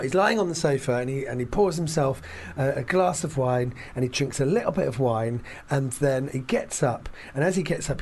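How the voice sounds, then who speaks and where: A man hosting a casual podcast chat, retelling film scenes in a rambling, animated way with lots of fillers. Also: a little high, a little hiss or hum. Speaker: podcast host.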